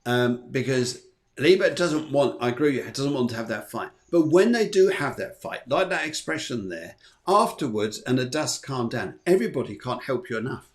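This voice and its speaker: A man's voice: medium pitch, lively intonation, normal speed. A man hosting a spiritual talk show, chatting eagerly and laughing often. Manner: enthusiastic, laughs often, acts out quoted voices. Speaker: host of a spiritual and astrology show. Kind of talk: casual chat.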